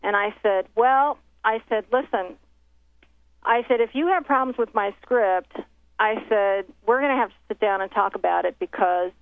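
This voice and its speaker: A woman's voice: medium pitch, moderate pace. A woman who makes documentaries, recounting a story in casual conversation and acting out the exchanges she quotes, with many restarts. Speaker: documentary filmmaker telling her story. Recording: tinny phone line, dry.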